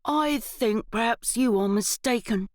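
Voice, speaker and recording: A woman's voice: on the high side, a little slow, a little mellow, no room sound, studio quality, voice pushed up, lightly acted. Insolent upper-sixth schoolboy, whiny drawl, put on by a woman narrator. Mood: sulky.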